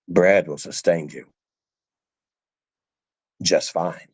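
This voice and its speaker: A man's voice: fairly low pitch, a little slow, a little mellow, no echo. A male preacher giving a sermon, emphatic and repeating phrases for stress.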